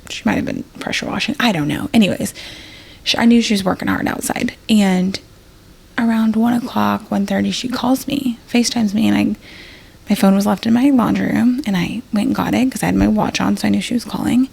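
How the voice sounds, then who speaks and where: Gravelly, husky woman telling a story. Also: mid-range voice, a little fast, a little mellow. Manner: rambling, full of fillers and acted-out quotes. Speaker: podcast guest, emergency nurse. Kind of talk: casual storytelling.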